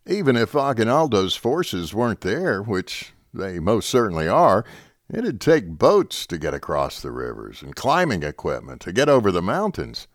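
A man's voice: on the low side, huge pitch swings, normal speed, no room sound, clean studio sound. A man voicing a stern middle-aged army captain, clipped and sarcastic. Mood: icy.

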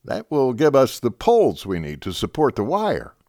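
A man's voice: medium pitch, wildly swooping pitch, moderate pace, mellow, no echo, clean studio sound. A man voicing an eager young army lieutenant, earnest and stammering over his plan.

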